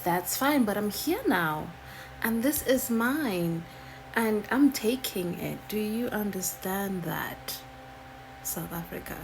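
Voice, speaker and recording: A woman's voice: medium pitch, lively intonation, slight background noise, low-quality recording. A woman doing a smug British colonizer. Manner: slow, drawn-out, possessive. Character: smug male British colonizer claiming land. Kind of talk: mocking impression.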